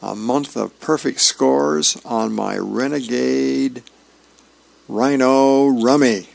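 A man reading a comic strip office worker's lines slowly, in a surprised, drawn-out way. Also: medium pitch, fairly even intonation, gravelly, darkish tone. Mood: bemused. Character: bemused male cartoon office worker.

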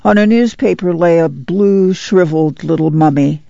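A woman reading an audiobook aloud on radio in an even, unhurried way, in a dull lo-fi recording. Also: lowish voice, creaky, no room sound. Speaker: audiobook reader.

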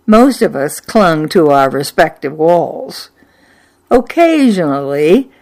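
An older woman telling a personal childhood memory in an unhurried, wry and nostalgic way. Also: low-pitched, a little mellow. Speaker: storyteller. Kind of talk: personal memoir storytelling.

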